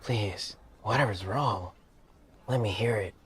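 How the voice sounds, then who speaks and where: A streamer voicing a friendly, concerned man in a game in a soft, gentle manner. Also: lowish voice, slow, background noise.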